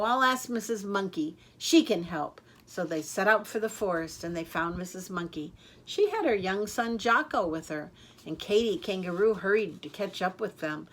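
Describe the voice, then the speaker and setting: An older woman reading a children's picture book aloud in a lively, expressive way. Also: medium pitch. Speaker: storyteller. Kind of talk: children's story read-aloud.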